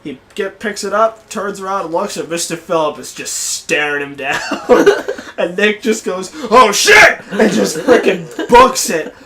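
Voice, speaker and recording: A young podcast host with a high voice tells a story in casual chat, cursing freely and shouting out the lines he quotes.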